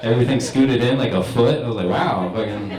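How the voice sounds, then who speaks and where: A man's voice: medium pitch, fast talker, roomy sound, low-quality recording. A young man doing a stand-up set in a comedy club, telling stories in a laid-back, rambling way. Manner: laid-back stoner storytelling.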